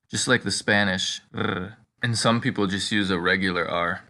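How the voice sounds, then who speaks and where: A man teaching in a measured instructional voice, slowly modeling example words. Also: fairly low pitch, bright, forceful tone. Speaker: language teacher. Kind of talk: instructional narration.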